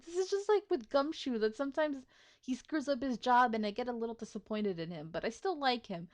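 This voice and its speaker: A young woman hosting a let's play, giving casual, expressive and self-mocking commentary while reacting to a story game. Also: fairly high pitch, normal speed.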